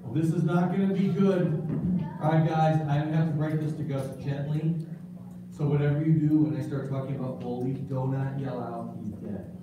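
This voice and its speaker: A man's voice: on the high side, level tone, normal speed, lo-fi sound. A children's pastor, a man, leading a playful kids church puppet skit with mock-solemn delivery. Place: large echoey church room. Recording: echoey room from far off, noisy.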